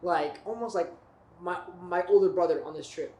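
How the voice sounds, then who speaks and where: A man's voice: high voice, moderate pace, warm tone. A young man telling a long story in casual podcast chat, rambling with lots of restarts and "right?" tags. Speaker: podcast guest. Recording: echoey room with faint noise.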